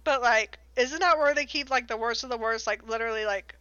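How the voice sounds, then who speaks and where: A woman's voice: on the high side, a little fast, sharp tone, clear, resonant tone, no echo, muffled recording. A woman co-hosting a podcast, recapping a book in a giggly, rambling, sarcastic casual chat.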